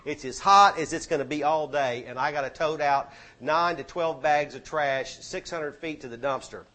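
A man preaching a sermon, exhorting the congregation and rising to loud peaks. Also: a little high, normal speed. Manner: exhorting, swings to shouting peaks.

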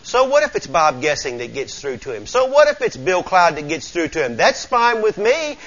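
A man's voice: on the high side, big pitch swings, brisk, fairly bright tone, muffled recording. A man with a Southern accent preaching a sermon as pastor, folksy and emphatic, calling out to his congregation.

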